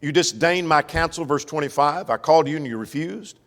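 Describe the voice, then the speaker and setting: Folksy male Bible teacher, fairly high voice, in a ringing church hall. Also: brisk. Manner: folksy, checks in with the class. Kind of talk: Sunday Bible class teaching. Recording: long church reverb.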